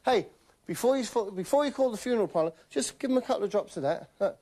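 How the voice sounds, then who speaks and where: A man hosting a comedy show, delivering a rambling deadpan monologue and keeping tagging his lines with "right?". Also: high voice, fast.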